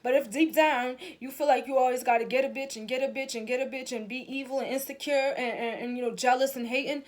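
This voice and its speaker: Chatty woman with a high voice. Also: fairly even intonation, fast. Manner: chatty, emphatic, swears freely, addresses viewers as y'all. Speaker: spiritual reader and vlogger. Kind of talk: casual spiritual talk to camera.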